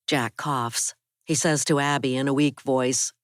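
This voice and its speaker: A woman narrates an audiobook in a steady first-person voice. Her pitch sits low. She is recorded close on a studio mic in a dry room. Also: measured pace, dry recording.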